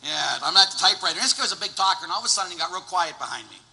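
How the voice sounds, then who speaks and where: A priest in his forties preaching a lively sermon, swinging from loud exclamations to hushed storytelling. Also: high-pitched, very fast, gravelly. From Pittsburgh, USA. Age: 40s. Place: church. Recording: long church reverb.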